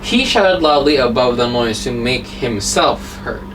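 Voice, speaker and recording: A woman's voice: a bass voice, lively intonation, measured pace. A woman teaching an English grammar lesson, explaining step by step and asking rhetorical questions. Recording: distant mic with faint background noise.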